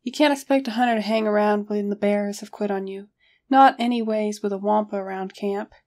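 A woman voicing a gruff, drink-sodden has-been male hunter in a story reading, blunt and offhand. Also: mid-range voice, steady tone, brisk, a little mellow, close to an everyday voice. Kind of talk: audiobook character reading.

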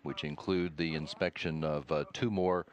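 A man giving live broadcast commentary, explaining steadily with frequent "uh" pauses. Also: a bass voice, steady tone. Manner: measured, explanatory, many "uh" pauses. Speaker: mission commentator.

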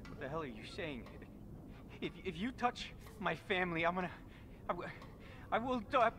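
A principled lawyer who stammers and frets under pressure, with a mid-pitched voice. A loud background ambience sits under his voice in this game recording. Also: very animated, normal speed, background noise. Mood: panicked. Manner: stammering, nervous, exasperated. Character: honest male lawyer, indignant then panicked. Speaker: local lawyer. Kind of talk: game voice acting.

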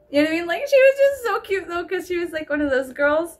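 A woman's voice: very high voice, animated, brisk, few pauses. A woman vlogger with a Texan accent telling a rambling, giggly storytime, saying "like" constantly. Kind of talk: casual storytime.

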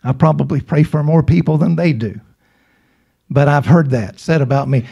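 A man's voice: fairly high pitch, normal speed, vocal fry, dark tone, slightly rough, dull audio. Emphatic man preaching a sermon. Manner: emphatic, repeats and asks the congregation questions.

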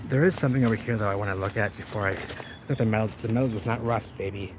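A man exploring ruins outdoors, rambling and thinking aloud to his camera and getting excited as he finds things. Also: lowish voice, quick pace. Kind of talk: casual exploring vlog. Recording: noisy outdoor camera audio.

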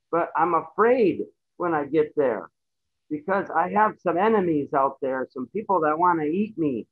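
A man voicing an easygoing male forest predator in an educational role-play, with a folksy, joking manner. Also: high-pitched. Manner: jokey folksy voice with tag "eh". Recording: tinny phone-like line.

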